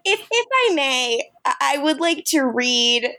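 A woman's voice: sits high, big pitch swings, unhurried, pushed and bright, no echo. Chatty woman podcast co-host, dry sound. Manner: chatty, laughs often, reads chat logs aloud. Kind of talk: casual podcast chat.

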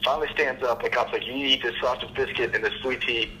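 A young man, a guest chiropractor, telling stories in a casual podcast chat with an animated, laughing manner. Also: medium pitch, fast, a little hiss or hum, poor audio.

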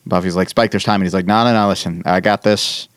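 A man on a casual podcast, retelling a TV episode in animated bursts and quoting the characters as he goes. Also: low voice, fast talker, clear, resonant tone, no echo, clean studio sound. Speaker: podcast host. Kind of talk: casual chat recapping a TV episode.

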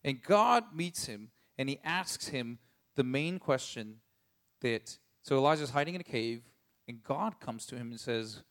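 A man preaching a casual sermon, conversational and full of "like", moving between quiet asides and emphatic rises. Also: medium pitch, animated, normal speed. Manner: conversational, filler-heavy with frequent "like". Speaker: pastor.

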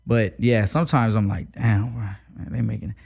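A man's voice: lowish voice, fairly even intonation, normal speed, creaky, darkish tone, breathy edge. A young man from Texas, a rapper being interviewed, talking in a laid-back, slangy way with lots of fillers. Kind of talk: casual interview talk.

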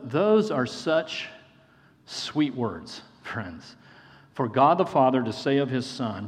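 A male pastor preaching with earnest warmth, his voice sitting at an ordinary middle pitch. He stresses key phrases by saying them again and speaks to the congregation as friends. His words ring out with a long reverb, as in a large hall. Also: sing-song, slow pace. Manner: earnest, repeats phrases for emphasis, addresses listeners as friends. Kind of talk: sermon.

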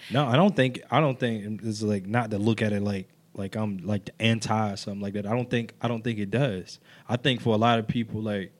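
A man in a casual conversation, speaking calmly and thoughtfully with some hesitant phrasing. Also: fairly low pitch, fairly quick, few pauses. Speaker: conversation partner.

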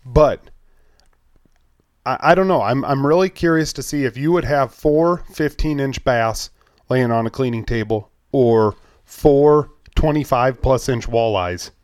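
A man's voice: medium pitch, measured pace, no echo, clean studio sound. Man laying out a point in casual podcast talk. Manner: argues by posing hypotheticals and repeated lists. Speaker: podcast co-host. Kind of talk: casual chat.

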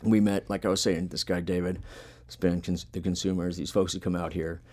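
A man's voice: deep voice, level tone, fairly quick, warm tone. A man chatting casually as host, telling long rambling stories with plenty of swearing and filler words. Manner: rambling, profane, laid-back storytelling. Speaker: podcast host and punk musician. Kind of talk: casual chat.

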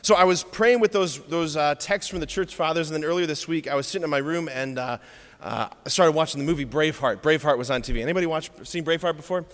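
A man preaching a sermon, telling stories with lively, playful asides to the congregation. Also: a little high, quick pace, in a large hall.

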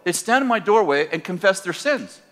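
An older man from Northern California, preaching by telling a personal story in a conversational, animated way and laughing at his own tale. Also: high-pitched, a little fast, background noise. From Northern California, USA.

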